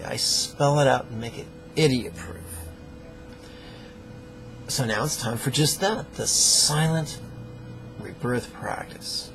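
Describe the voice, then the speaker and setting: A man's voice: medium pitch, gravelly, poor audio. A man teaching a guided meditation lesson in a playful, joking, plainspoken way.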